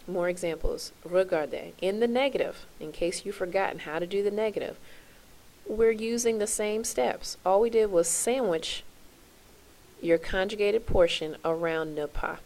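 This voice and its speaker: A woman's voice: medium pitch, normal speed, a little mellow. A woman teaching a French lesson to her class, spelling out verb endings in a chant and checking in with "okay?" as she goes.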